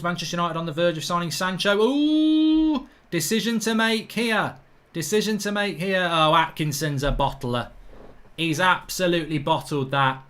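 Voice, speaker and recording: The voice belongs to a middle-aged English man, on the high side, bright and forceful. During a live football watchalong he reads out viewer comments and bluntly rants about the referee in colloquial speech.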